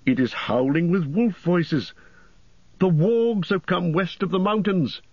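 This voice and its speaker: A man's voice: on the low side, a little slow, no room sound, highs cut off. A man reading the part of a weary, seasoned ranger in an audiobook, heavy and earnest. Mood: alarmed.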